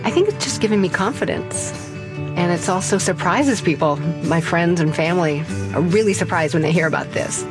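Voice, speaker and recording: An older woman storyteller, lively and self-mocking as she tells a funny personal story on stage. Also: lowish voice, a little fast, over music.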